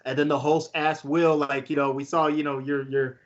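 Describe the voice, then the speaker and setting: Guy telling a story on a video call, kinda high voice, laughs a lot, dull audio. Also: normal speed. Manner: excitable, laughs often, many fillers. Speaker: guest beatboxer. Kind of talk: casual storytelling.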